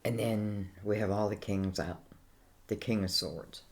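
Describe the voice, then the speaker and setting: Irish lady with a low voice doing a tarot reading, rambly, lots of "you know". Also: steady tone, unhurried, darkish tone. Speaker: tarot reader.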